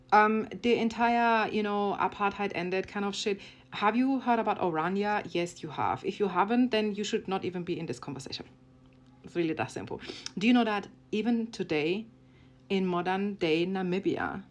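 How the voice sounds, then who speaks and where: A woman delivering a heated, blunt opinion rant as a vlogger, swearing and sarcastic, often tagging her points with "okay?". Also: mid-range voice. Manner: blunt, profane, keeps asking "okay?"; sarcastic, mocking.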